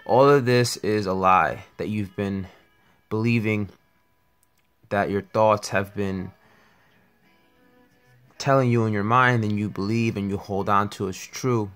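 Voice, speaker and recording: A man's voice: lowish voice, steady tone, measured pace, pauses often, a bit bright, smooth. A man giving an earnest, reflective spiritual talk, telling a parable along the way. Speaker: spiritual teacher. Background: faint music.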